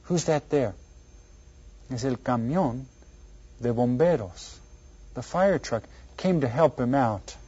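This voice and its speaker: Slow, patient man teaching kids Spanish. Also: medium pitch, expressive, warm tone, slightly rough. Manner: repeats words slowly and quizzes the listener. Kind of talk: elementary Spanish lesson for children. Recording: dull lo-fi recording.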